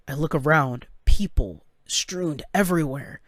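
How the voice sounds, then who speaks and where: A man narrating a first-person story in a halting, anxious way, stumbling over his words. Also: fairly high pitch, no echo, studio quality. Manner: halting, anxious, with stammered restarts.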